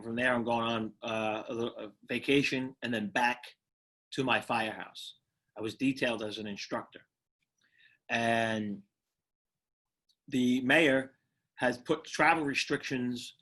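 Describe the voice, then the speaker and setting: A middle-aged man from Brooklyn, telling his personal story as an interview guest in an earnest, reflective way with halting restarts. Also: medium pitch, sharp tone. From Brooklyn, New York. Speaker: guest, retired firefighter.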